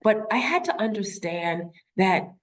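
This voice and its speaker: A woman's voice: mid-range voice, very animated, unhurried, a little hiss or hum. A woman in her fifties, a nurse, speaks to an audience. She tells a personal story, poses rhetorical questions and acts out the voices of the people she quotes. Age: 50s.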